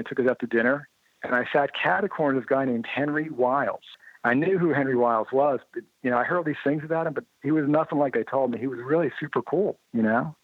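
A man recounting stories as an interview guest, voicing the people he quotes with lively shifts. His voice sits at an ordinary middle pitch. The sound is thin and narrow like a phone call, with no room echo at all. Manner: lively storyteller who acts out quoted dialogue. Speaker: interview guest, motorcycle writer. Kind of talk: anecdotal storytelling in an interview. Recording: narrow phone-like line, dry.

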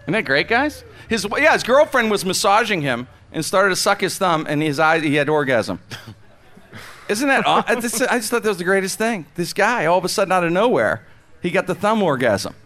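An excitable man hosts a comedy show and rambles from bit to bit with many restarts. His voice sits fairly high and swings widely in pitch. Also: moderate pace. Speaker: host. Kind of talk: comedy radio show banter.

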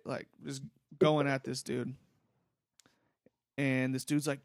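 A young man tells a rambling story in a relaxed, profane way. His voice has a gravelly edge, and the sound is dry and close. He keeps it casual and easygoing throughout. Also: medium pitch, unhurried, pauses often, dry recording. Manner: laid-back, rambling, profane. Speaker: podcast host.

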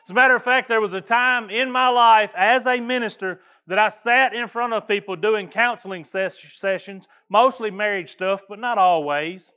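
With a drawl and a notably high voice, a middle-aged pastor preaches a sermon in a folksy, earnest way, frequently stumbling and restarting phrases. He keeps a moderate pace with few pauses, and his tone is sharp, clear, and resonant.

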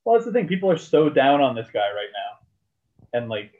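A man's voice: mid-range voice, very animated, normal speed, darkish tone. A man, rambling about basketball in casual chat with lots of fillers and swearing. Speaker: podcast co-host. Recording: tinny phone-like sound.

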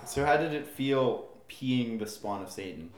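A man's voice: medium pitch, expressive, unhurried, slight background noise. A young man co-hosting a podcast, mostly reacting briefly in casual chat and steering to the next segment. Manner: short reactions and dry segues. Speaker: podcast co-host. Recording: echoey room.

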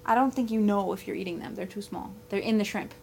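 A woman's voice: medium pitch, quick pace, creaky, mellow, soft background music. A woman co-hosting a podcast in casual chat, blunt and dismissive, often reading aloud from articles. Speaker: podcast co-host.

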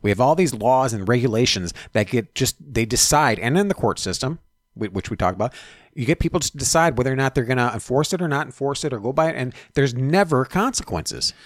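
A man's voice: medium pitch, expressive, fairly quick, dry recording, clean studio sound. A man hosting a podcast, reading news stories aloud and commenting, stumbling on words and adding profane asides. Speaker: podcast host.

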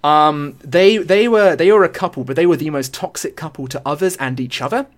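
A young British woman, a podcast guest, tells a story casually and with animation, swearing freely and acting out what other people said. Her voice sits low and she speaks a little fast.

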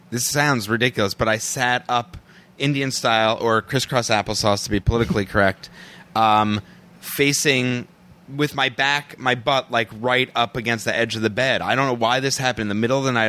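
A man co-hosting a podcast in casual chat, easygoing and quick to riff along with jokes. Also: mid-range voice, pushed and bright. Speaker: podcast co-host.

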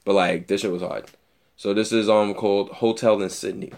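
A man's voice: fairly low pitch, fairly even intonation, moderate pace, gravelly, a little mellow. A man co-hosting a casual music podcast, talking in a laid-back, rambling way with lots of fillers. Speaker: podcast co-host.

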